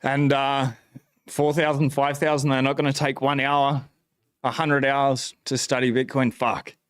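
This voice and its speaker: An Australian man talking off the cuff on a livestream, fired up and swearing freely. He rambles, trails off, and circles back with lots of fillers. His voice sits at an ordinary middle pitch for a man. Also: measured pace, smooth. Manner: excited, profane, rambling with fillers. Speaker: bitcoin channel host. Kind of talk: casual livestream rant. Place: at home.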